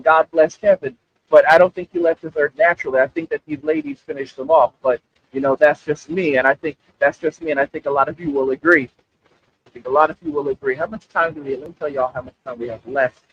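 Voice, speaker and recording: Animated, gravelly male livestream host. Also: fairly high pitch, dull audio. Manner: animated, repetitive, addresses chat directly. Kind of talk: casual livestream commentary.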